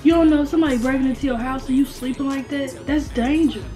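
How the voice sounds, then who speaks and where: A young woman vlogger telling a story in casual chat, animated and slangy, repeating lines for emphasis. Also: high-pitched, fast, faint music behind. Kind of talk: casual storytime while eating.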